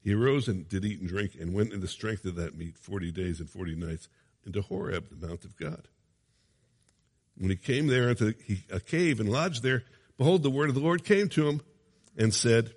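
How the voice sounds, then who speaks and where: A low-voiced male preacher reads scripture dramatically and breaks into relaxed, conversational asides with a chuckle. His voice rings with a long reverb, as in a large hall. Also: normal speed, husky. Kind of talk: sermon with scripture reading.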